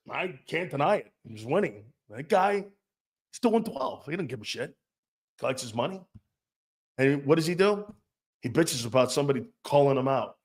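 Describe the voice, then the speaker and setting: Sports radio guy ranting, swears a lot, kinda high voice, laughs at his own jabs. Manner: brash and profane, laughing between jabs. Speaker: sports talk host. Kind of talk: opinionated sports radio rant.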